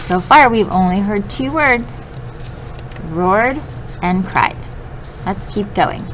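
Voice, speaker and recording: A woman teacher leading a read-aloud vocabulary lesson for children. She speaks slowly and patiently in a middle-pitched voice. A faint hiss of noise sits under her. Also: highs cut off. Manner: patient, slow and clear, addressing children.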